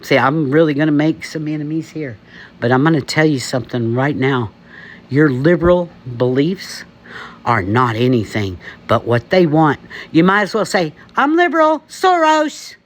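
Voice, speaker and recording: A man's voice: fairly high pitch, normal speed, slight background noise. A man from the United States ranting emphatically to camera, laughing often. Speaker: vlogger. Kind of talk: opinion rant to camera.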